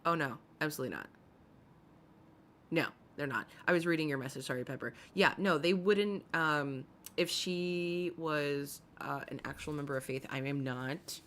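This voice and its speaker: A woman with a low-set voice hosts a casual live commentary stream. She talks in a loose, chatty way and swears freely. She keeps greeting viewers in the chat by name between her remarks. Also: moderate pace, fairly bright tone, slight background noise.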